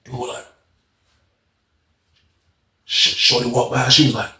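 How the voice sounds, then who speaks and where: A man telling a story in a casual, slangy way, animated and often laughing. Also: medium pitch, takes it slowly. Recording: roomy echo.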